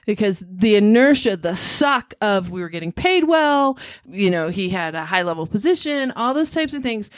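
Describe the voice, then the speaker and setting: A woman's voice: mid-range voice, very animated, normal speed, hardly any pauses, no echo. A woman hosting a podcast, talking earnestly and reflectively in a casual conversation. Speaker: podcast host.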